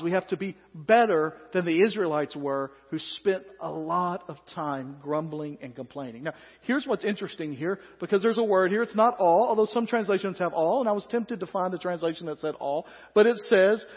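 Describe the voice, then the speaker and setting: A male pastor preaching a sermon, moving between hushed, slow passages and loud, emphatic ones. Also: high voice, husky. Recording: echoey hall, dull lo-fi sound.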